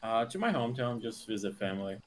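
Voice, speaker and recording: A man's voice: on the low side, sing-song, fast. A man on a voice call with a friend, laid-back and teasing, swearing casually. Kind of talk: casual banter.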